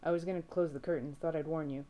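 A woman's voice: deep voice, fairly even intonation, fast talker, warm tone, close to an everyday voice. A woman voicing a blunt young hunter. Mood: offhand. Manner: blunt, casual, offhand.

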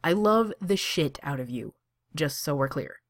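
A woman voicing an excitable young man in love, sarcastic and quick to swear in loud, breathless outbursts. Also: sits low, heavily acted. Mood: teasing.

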